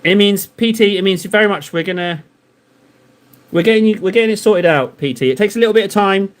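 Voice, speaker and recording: A man's voice: sits high, a little fast. Rambling man bantering with live chat. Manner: self-deprecating. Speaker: live streamer painting miniatures. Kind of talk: casual live-stream chat while painting.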